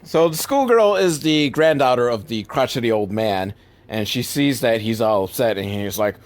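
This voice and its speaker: A man's voice: mid-range voice, lively intonation, normal speed. A man talks through a cheap movie in loose, rambling asides, swearing casually and hedging with lots of "like" and "I don't know." He laughs at the film's sloppiness as he goes, in an unscripted, conversational way. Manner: rambling, profane, laughs at bad filmmaking. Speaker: movie reviewer host.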